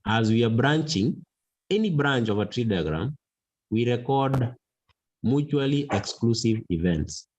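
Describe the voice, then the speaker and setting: A man teaching a mathematics lesson, slow and deliberate, repeating key words for emphasis. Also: medium pitch, lively intonation, a little mellow, low-quality recording. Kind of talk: classroom lesson.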